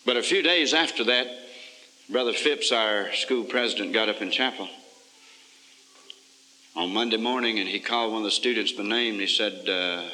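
A man's voice: fairly low pitch, moderate pace, pauses often, bright, forceful tone. A man preaching a revival sermon with a rhythmic, repetitive cadence, recorded in a large church hall in 1982.

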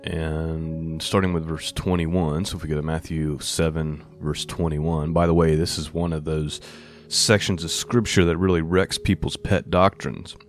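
A middle-aged man preaching a sermon, reading scripture slowly and then explaining it in plain, earnest talk. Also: a bass voice, little pitch movement, soft background music. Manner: earnest, with frequent self-corrections and rhetorical "right?".

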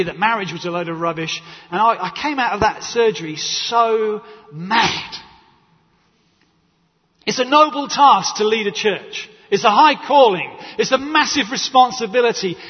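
A man's voice: high-pitched, slightly rough. A man preaching a sermon in a church, telling stories and acting out quotes. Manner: animated storytelling with acted quotes and laughter. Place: church hall. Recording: dull echoey church sound.

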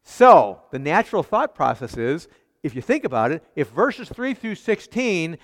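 A man's voice: a little high, very animated, normal speed, big-room sound. A man preaching a sermon as pastor, emphatic, with rhetorical questions and repeated phrases.

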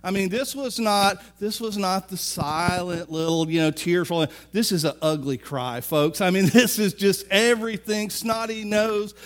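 High-voiced man preaching an animated sermon. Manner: animated storytelling, acts out characters' lines.

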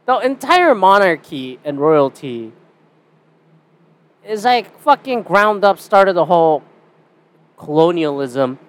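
A man's voice: high-pitched, sing-song, slow pace, long pauses. A young Canadian man hosting a casual solo podcast, rambling and swearing with a sarcastic edge. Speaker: podcast host.

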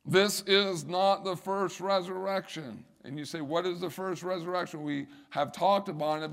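A man's voice: a little high, creaky, fairly bright tone. A middle-aged male pastor preaching a sermon, building emphasis and repeating key phrases.

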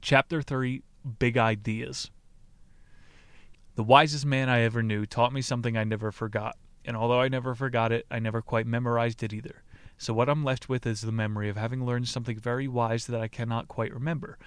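A man hosting a podcast, reading a book aloud in a deadpan way and breaking off into laughing, profane asides. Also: medium pitch, a little fast, clear, resonant tone, no room sound. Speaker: podcast host.

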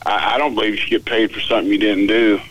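A man's voice: fairly low pitch, fairly even intonation, fast, a bit bright, husky, lo-fi sound. A man calling in to a radio show, talking bluntly and dismissively as he argues with the host. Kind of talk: call-in phone conversation.

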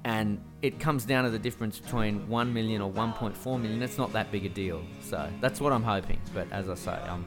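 A man's voice: fairly low pitch, a little fast, few pauses, music in the background. A man with an Australian accent co-hosting a casual podcast chat, ranting and swearing freely. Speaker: podcast co-host.

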